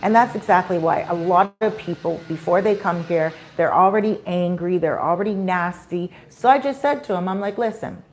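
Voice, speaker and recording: A woman's voice: lowish voice, moderate pace, hardly any pauses. A woman vlogger chatting casually on a live stream, telling a story with animation and acting out the people in it. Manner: animated storyteller who acts out quoted people.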